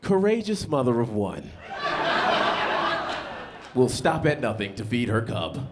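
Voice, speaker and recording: A man voicing a pompous male TV news anchor with a slow, drawn-out announcer delivery, recorded live with loud background noise. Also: mid-range voice, very animated. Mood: solemn.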